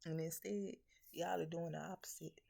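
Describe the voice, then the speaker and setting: A woman's voice: lowish voice, steady tone, moderate pace, creaky, dark tone, husky. A woman spiritual reader delivering a blunt, profane, scolding message that is full of rhetorical questions. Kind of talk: blunt preaching message to viewers.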